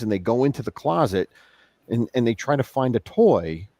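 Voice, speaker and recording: A man's voice: mid-range voice, sing-song, a little fast, warm tone, no room sound, clean studio sound. A man hosting a livestream, talking casually and rambling with restarts. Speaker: livestream host. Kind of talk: casual chat.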